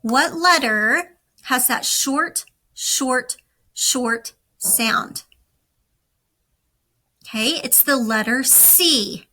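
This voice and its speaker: Slow, bright-voiced woman teaching. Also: sits high, slight background noise, low-quality recording. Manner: slow, deliberate, instructive. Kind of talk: recorded classroom lesson.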